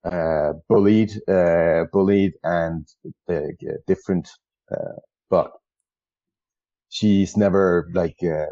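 Man, native Danish speaker, podcast guest, very low voice, halting with fillers, dull dry lo-fi mic. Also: fairly even intonation, mellow, no echo. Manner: hesitant, many "uh" fillers. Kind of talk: casual chat.

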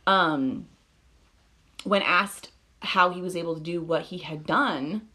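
A woman co-hosting a podcast casually recounts a true-crime story in a lowish, sharp-toned voice at a slow pace. She leans heavily on fillers, swears freely, and laughs often.

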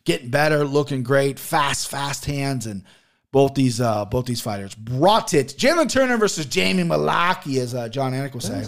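A man's voice: medium pitch, moderate pace. A man talking casually as a host reviewing fight results, blunt, profane and rambling, with plenty of fillers. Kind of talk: casual chat.

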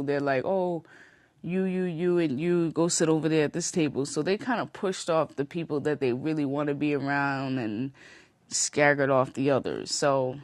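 A woman's voice: low-pitched, no room sound, clean studio sound. A woman vlogger telling a rambling storytime, casual and profane, full of fillers.

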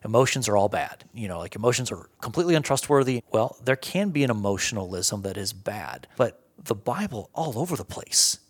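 A man's voice: on the low side, big pitch swings, a little fast, few pauses, breathy edge. A man being interviewed, earnestly explaining ideas step by step with everyday examples. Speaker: Bible scholar guest. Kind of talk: conversational teaching.

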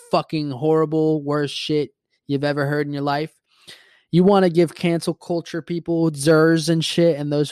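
A man in his twenties hosting a podcast, telling a story in a rambling, profane, animated way. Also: fairly high pitch, no room sound, studio quality. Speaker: podcast host. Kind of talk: casual storytelling monologue.

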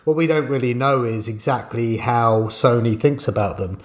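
A man at a mid pitch weighing ideas aloud on a casual games podcast. His sentences run long and turn back on themselves as he reasons. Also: moderate pace. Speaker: games journalist podcast co-host.

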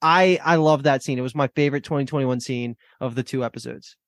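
A man's voice: mid-range voice, a little fast, no room sound, studio quality. A man co-hosting a casual TV recap podcast, talking enthusiastically about favourite scenes. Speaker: podcast co-host.

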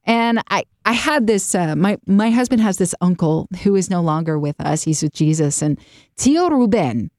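Animated woman podcast host, low voice. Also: normal speed, no room sound, clean studio sound. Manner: animated storytelling, jumps into voices. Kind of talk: faith-based podcast chat.

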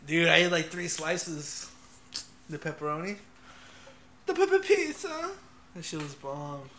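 A young man hosts a casual podcast and tells stories full of swearing and laughter. His voice is bright and sits a little high. A faint hiss runs under the recording. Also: level tone, unhurried. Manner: profane, laughing storytelling. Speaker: podcast host. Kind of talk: casual chat.

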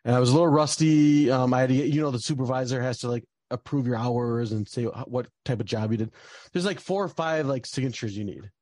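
A man's voice: mid-range voice, fast, a little mellow, no echo. Young man, casual storytelling, rambling with fillers, dry close sound. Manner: rambling, many fillers, gets heated and swears. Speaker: guest telling a personal story.

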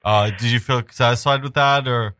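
A man hosts a community radio interview and reads station announcements. His voice is bright, and he talks in a relaxed, halting way with many ums and restarts. The sound is dry and close. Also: medium pitch, dry recording. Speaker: radio show host.

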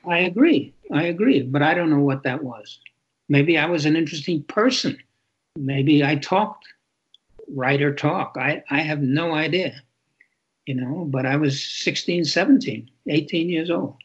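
An older man speaks in a husky voice pitched slightly high, answering an interviewer candidly. He pauses and repeats himself as he thinks aloud. The recording is muffled and lo-fi. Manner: reflective, halting, repeats words. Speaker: author and interview guest.

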